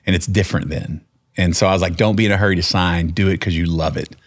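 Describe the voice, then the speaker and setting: Texan guy on a podcast, real low voice, rambles and acts out what people said. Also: fairly even intonation, fast. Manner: rambling, with many restarts and quoted dialogue. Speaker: podcast guest, singer-songwriter. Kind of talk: casual storytelling.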